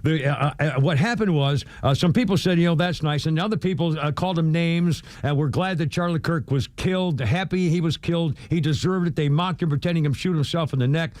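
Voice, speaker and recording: Male radio host, slightly high voice, chatty and rambling, dry close studio mic. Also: fairly quick, few pauses, darkish tone, dry recording. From New England. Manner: rambling, lots of uh fillers. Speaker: radio talk show host. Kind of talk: casual radio talk.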